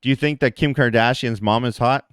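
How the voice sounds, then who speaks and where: A man's voice: medium pitch, brisk, fairly bright tone, smooth, no echo. Man ranting heatedly in a livestream. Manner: addresses chat viewers directly. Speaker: livestream host. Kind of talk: livestream rant.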